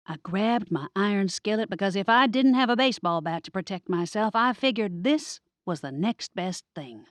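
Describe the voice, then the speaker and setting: A woman giving expressive first-person audiobook narration. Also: mid-range voice, moderate pace, hardly any pauses, dry recording.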